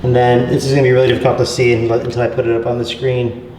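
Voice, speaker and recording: A man's voice: medium pitch, completely flat delivery, racing, dark tone, roomy sound, a little hiss or hum. A man hosting a paranormal investigation, explaining things to the group and to viewers. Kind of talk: investigation vlog chat. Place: large abandoned asylum building indoors.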